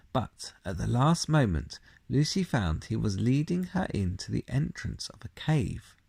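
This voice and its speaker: A man reading a children's book aloud, in unhurried storytelling with occasional slips. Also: medium pitch, gravelly, a little mellow, slightly rough, no room sound. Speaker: reader.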